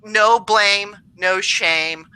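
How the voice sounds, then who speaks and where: A woman's voice: medium pitch, extremely slow, pushed and bright, clean tone, poor audio. A woman co-hosting a casual astrology show, reading tarot cards in a chatty, upbeat way with lots of fillers. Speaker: tarot reader co-host.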